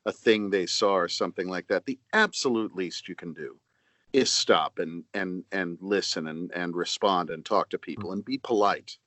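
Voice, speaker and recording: A middle-aged man being interviewed as a guest voice actor, speaking in a measured, earnest way with many fillers and restarts. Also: deep voice, fairly bright tone, dry recording. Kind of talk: casual interview.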